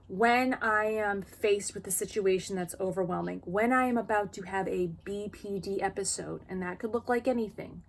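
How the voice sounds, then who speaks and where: A woman's voice: medium pitch, vocal fry, slight background noise. A woman vlogger talking frankly and expressively to camera about her own experience, in a casual personal style. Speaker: vlogger sharing lived experience.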